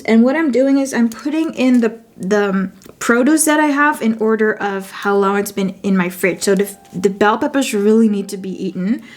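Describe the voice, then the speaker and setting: Her voice sits in the mid range with a slightly mellow quality. A Dutch-accented vlogger and native Dutch speaker, she chats casually while arranging her journal, musing aloud and correcting herself.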